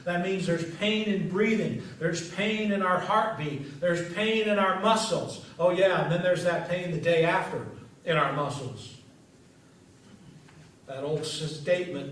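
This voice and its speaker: High-voiced pastor in an echoey church. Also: male voice, recorded from a distance. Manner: storytelling with dramatic pauses and dropped endings. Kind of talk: sermon. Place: church sanctuary.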